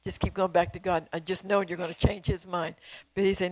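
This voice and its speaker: A woman's voice: on the low side, little pitch movement, brisk, no echo, rough recording. An older woman preaching in a folksy, emphatic way, repeating phrases and asking her listeners questions. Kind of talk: sermon with prophecy.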